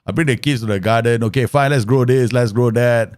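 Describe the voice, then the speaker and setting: A man's voice: medium pitch, fairly quick, dry recording. A man, streaming a football manager game live, chatting with viewers and laughing often. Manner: animated, laughs often, mimics voices in stories. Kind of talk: live football manager gameplay commentary with chat.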